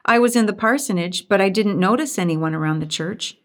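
Calm young woman voiced by a woman reader, reasonable, twenties, storybook reading. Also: medium pitch, a little fast, close to an everyday voice.

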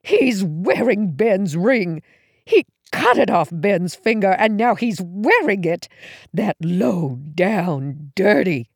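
This is a storybook mother on the run, scared and worn out, her anger and doubt carried in a voice that rises and falls widely, as a woman reads her part. She speaks slowly and deliberately. The sound is dry and close to the mic. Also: medium pitch, animated, vocal fry, slightly rough, no echo, full character voice. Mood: furious. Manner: hissing anger turning to weary uncertainty. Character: distressed middle-aged mother fleeing through woods.

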